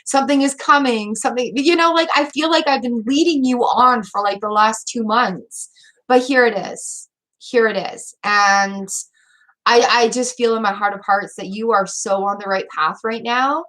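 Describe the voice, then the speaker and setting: A woman's voice: fairly high pitch, normal speed, a bit bright. A woman doing a live tarot reading, gushing and teary as she talks straight to her viewers over a webcam mic at home. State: teary, weepy. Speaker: tarot reader hosting a livestream.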